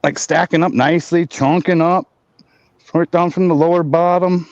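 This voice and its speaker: A man's voice: a little high, fairly even intonation, moderate pace, a little mellow, no room sound, dull audio. Rambling laid-back stoned man. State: high, talking with a blunt in his mouth. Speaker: grower showing plants on a live stream. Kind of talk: casual live-stream chat.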